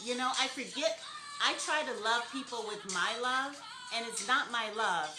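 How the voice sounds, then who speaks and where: A woman's voice: on the high side, moderate pace, reverberant, music in the background. A woman hosting a casual live video chat, talking in an exuberant, emotional way with frequent laughter, seated while nursing a sprained ankle.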